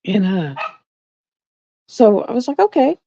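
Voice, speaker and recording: Rambling, animated woman. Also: mid-range voice, measured pace, no echo. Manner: rambling, chatty, laughs often. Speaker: live stream host. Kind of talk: casual storytelling to live viewers. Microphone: phone or webcam on a live stream. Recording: dull, slightly lo-fi stream audio.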